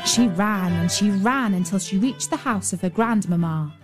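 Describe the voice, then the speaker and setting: A woman storyteller reading a fairy tale aloud in a gentle, measured, expressive way. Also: mid-range voice. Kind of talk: scripted storybook narration. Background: soft violin music.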